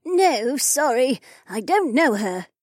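A husky, wary old elf woman. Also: sits high, very animated, slow pace, no echo, studio quality, full character voice. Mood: curt. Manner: clipped, defensive refusals. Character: frail elderly female elf, wary and curt.

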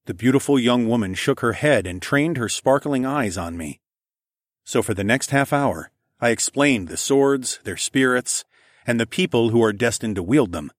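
A man narrating a first-person fantasy audiobook in a steady, even way. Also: medium pitch, normal speed, no echo, studio quality.

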